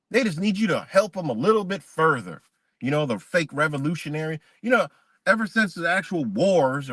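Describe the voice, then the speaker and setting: A man rambles through a profane live-stream rant. His voice sits a little high and sounds close and dry, with no room around it. He swings between quiet muttering and sudden loud bursts. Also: dry recording.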